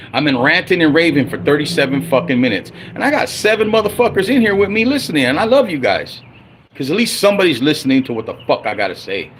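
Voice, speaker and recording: A man ranting on a livestream about his football team, profane and heated, swinging between loud outbursts and low grumbling. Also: slight background noise. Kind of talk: angry unscripted livestream rant.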